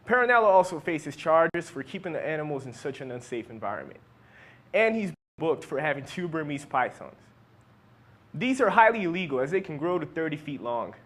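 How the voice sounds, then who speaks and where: A man's voice: on the high side, sing-song, fairly quick, fairly bright tone. Man reading wry news stories. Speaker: news anchor.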